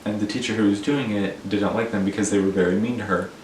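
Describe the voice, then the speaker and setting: A man's voice: fairly low pitch, fairly even intonation, fast talker, slight background noise. A teenage boy telling school stories in a rambling, self-deprecating way, full of "like" and "um". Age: teens. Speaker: vlogger. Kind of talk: casual storytelling. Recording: echoey room, voice a little far from the mic.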